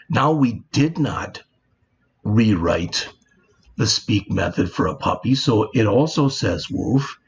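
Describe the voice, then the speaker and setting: A man teaching programming in a screen-recorded coding tutorial, explaining plainly and often saying "all right". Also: on the low side. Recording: dull lo-fi sound with faint background noise.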